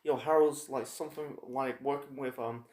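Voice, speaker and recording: A man casually reviewing a TV episode, rambling and halting with lots of fillers and restarts. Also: medium pitch, steady tone, a little mellow. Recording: echoey room.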